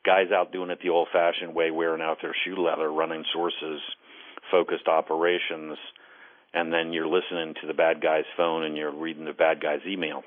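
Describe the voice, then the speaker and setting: A man, a former intelligence case officer, speaking as a guest on a call-in radio interview. He is earnest and deliberate and often repeats words as he starts a thought. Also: rumbling low. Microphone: telephone. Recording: phone line.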